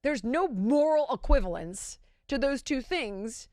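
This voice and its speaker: A woman's voice: high voice, animated, measured pace, a little mellow, no room sound, clean studio sound. A woman hosting a show, giving opinionated political commentary in an emphatic, exasperated way, full of rhetorical questions. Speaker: show host.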